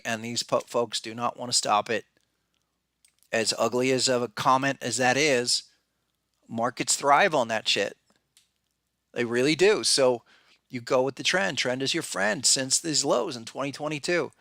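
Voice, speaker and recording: A man talks through charts in a casual podcast, blunt and conversational, often restarting his sentences. His voice is bright and forceful at a middle pitch. The recording is dry and close to the mic. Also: dry recording. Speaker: podcast host and market analyst. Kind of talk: casual market commentary.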